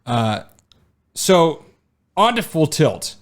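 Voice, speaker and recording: A man co-hosting a podcast in casual chat, relaxed and joking, often trailing off with fillers. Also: a little high, extremely slow. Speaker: podcast co-host.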